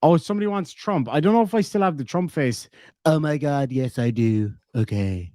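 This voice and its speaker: A man's voice: a little high, lively intonation, moderate pace, dark tone, no room sound. Playful Irish man with a dry close voice. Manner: joking, playful, laughs often. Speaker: livestream host. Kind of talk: casual livestream chat reading super chats.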